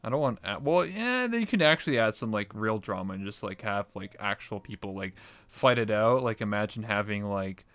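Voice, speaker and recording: A man in a casual online chat, telling stories in a rambling, animated way full of fillers. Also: on the low side, brisk, dry recording, faint music behind. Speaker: podcast participant.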